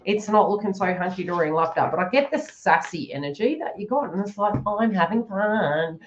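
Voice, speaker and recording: A woman's voice: fairly low pitch, lively intonation, fast talker, lo-fi sound, slight background noise. A woman giving a live-stream tarot reading, chatty and giggly, often acting out the listener's inner thoughts in quoted asides. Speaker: tarot reader.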